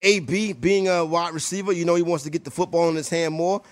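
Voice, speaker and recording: A man's voice: fairly high pitch, fairly even intonation, fast talker. A man hosting a sports radio show, chatting casually with loose, enthusiastic banter. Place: radio studio.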